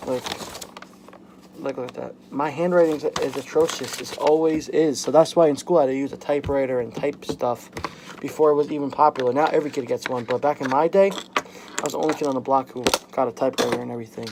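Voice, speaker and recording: Gravelly-voiced young man, frank vlogger. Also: mid-range voice, fairly even intonation, background noise. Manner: frank, halting, lots of "like" fillers. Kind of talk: candid personal vlog. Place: home, at a workbench.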